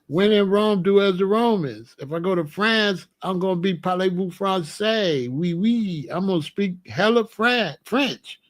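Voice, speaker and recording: A man's voice: high-pitched, moderate pace, hardly any pauses, no room sound. A man from Chicago hosting a casual commentary monologue, talking in loose slang, laughing often and repeating his points. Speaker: commentary channel host.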